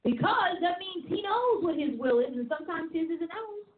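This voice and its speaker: High-voiced woman preaching over a tinny line. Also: animated, moderate pace. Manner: emphatic, repetitive, chatty with laughs. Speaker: apostle and preacher. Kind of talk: teaching sermon. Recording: tinny phone-like sound in an echoey room.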